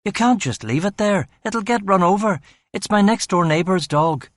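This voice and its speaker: A man's voice: medium pitch, a little fast, dry recording, lightly acted. A man voicing a battered detective, firing back sardonic retorts. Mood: pleading. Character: wisecracking Northern Irish detective, battered, defiant.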